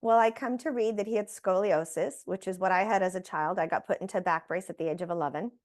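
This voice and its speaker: Woman guest telling her story, lively, mimics what people said to her. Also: on the low side, fast talker. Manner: animated, acts out quoted voices. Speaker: interview guest. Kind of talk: personal storytelling.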